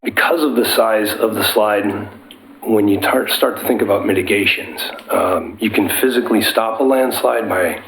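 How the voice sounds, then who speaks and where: Engineer with a cold, low gravelly voice, explains technical detail at a city meeting, faint hum behind. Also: male voice, normal speed, fairly bright tone, rough recording. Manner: explanatory, technical, some restarts. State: has a cold. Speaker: geotechnical engineer presenting. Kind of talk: public meeting presentation.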